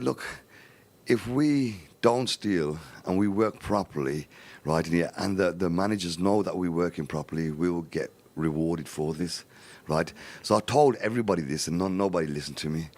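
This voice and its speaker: A middle-aged man recounts his own life story on a live charity appeal. His voice sits very low. He jumps into the voices of the people he quotes and keeps tucking little verbal tics into the telling. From Birmingham, England. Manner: animated storyteller, acts out quoted dialogue, repeats "right, in here".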